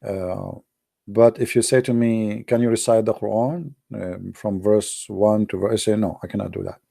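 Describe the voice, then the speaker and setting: A man with an Arabic accent telling stories in broken English, speaking Arabic as his first language, and jumping up high and excited for his punchlines. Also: moderate pace, vocal fry. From Arab world. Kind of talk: animated storytelling monologue.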